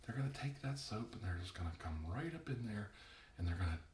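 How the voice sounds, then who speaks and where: A middle-aged man giving a comedic ASMR demonstration, talking softly, then groaning and whispering in mock pain. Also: on the low side, lively intonation, fast talker, distant mic. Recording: roomy echo, a bit off-mic, faint hiss.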